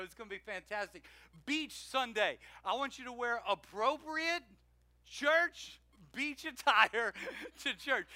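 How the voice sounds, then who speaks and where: A man with a very high, piercingly bright voice delivers an animated church sermon. He calls out to the congregation for responses. The sound is close and dry. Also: no echo. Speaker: pastor. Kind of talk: energetic sermon with announcements. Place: church sanctuary.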